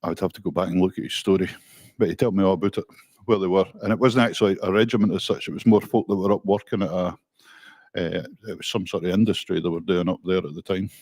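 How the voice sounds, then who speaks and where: A man's voice: deep voice, fairly even intonation, fast, darkish tone, no room sound. A Scottish man hosting a music show, chatting casually and rambling with self-corrections. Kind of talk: casual radio-style presenting.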